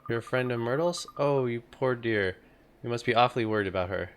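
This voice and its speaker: A man's voice: medium pitch, fairly quick, a little hiss or hum, close to an everyday voice. A man reading as a gossipy old neighbor woman. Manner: gossiping, fussy and sympathetic. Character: gossipy elderly woman neighbor, fussing and chatty. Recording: game music playing behind.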